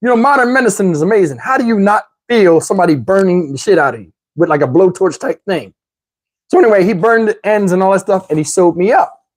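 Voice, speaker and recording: Husky man telling a funny story. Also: sits high, fast. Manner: animated, slangy, swears freely. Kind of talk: casual comedic storytelling.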